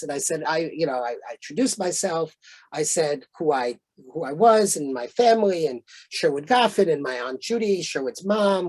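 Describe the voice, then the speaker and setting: A man's voice: on the high side, darkish tone. Man giving a conversational lecture. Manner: conversational, anecdotal, frequent fillers. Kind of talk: storytelling lecture.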